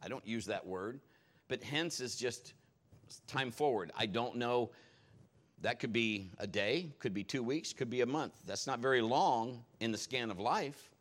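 A man preaching a sermon, telling stories in a jokey, animated way. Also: mid-range voice, measured pace.

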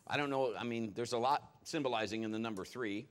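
A man preaching a sermon, telling stories in a jokey, animated way. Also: medium pitch, a little fast.

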